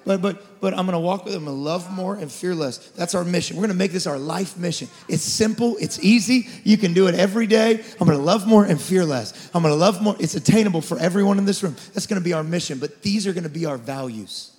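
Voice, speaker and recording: A man in his forties preaching a sermon as lead pastor, passionate, swinging from shouted declarations to quiet storytelling. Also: high voice, fast talker, few pauses. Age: 40s. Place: church auditorium. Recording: church hall reverb.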